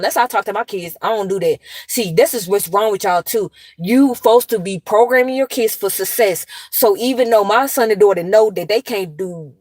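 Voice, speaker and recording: A woman's voice: medium pitch, fairly quick, hardly any pauses, no room sound. Blunt, cursing woman vlogger ranting. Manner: blunt, heavy cursing, animated storytelling. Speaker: commentary vlogger, mother of two. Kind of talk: casual commentary rant to viewers.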